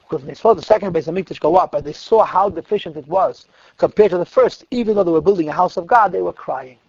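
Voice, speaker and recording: A man, a rabbi, telling stories in a lecture, lively in the telling and dropping to quiet asides. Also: high voice, fast, breathy edge, no echo, muffled recording. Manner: animated retelling that drops to quiet asides. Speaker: rabbi teaching a class. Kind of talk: storytelling lecture.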